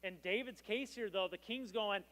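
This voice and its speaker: A man's voice: high-pitched, normal speed, a bit bright. A man preaching a sermon as pastor, with a casual, joking storytelling manner. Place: church. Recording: long reverb in a church hall.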